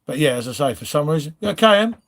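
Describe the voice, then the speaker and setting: A man's voice: on the high side, very animated, racing, a bit bright. A middle-aged man, hosting a live stream in casual chat and greeting viewers by name. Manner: chatty, reads viewer names, trails off and restarts.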